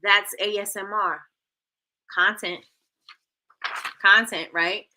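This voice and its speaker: Woman livestream host, bright tone, playful, repetitive, chatty with her viewers. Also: medium pitch, fairly even intonation, slow, a little hiss or hum. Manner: playful, repeats herself, addresses chat as y'all. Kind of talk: casual livestream coaching.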